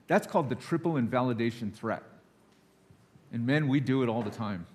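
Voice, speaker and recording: A man's voice: mid-range voice, lively intonation, normal speed, a little mellow, slight background noise. Male guest preacher, nervous but candid, confessional sermon delivery, acts out quoted voices. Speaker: guest speaker. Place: church sanctuary.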